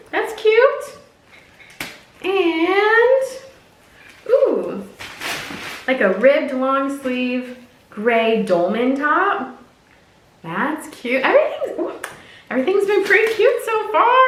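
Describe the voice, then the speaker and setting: A woman's voice: high voice, big pitch swings, slow pace, long pauses, recorded from a distance. A woman chatting casually and giggling through a clothing try-on haul, with lots of fillers. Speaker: fashion unboxing vlogger. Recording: very echoey room, voice off-mic.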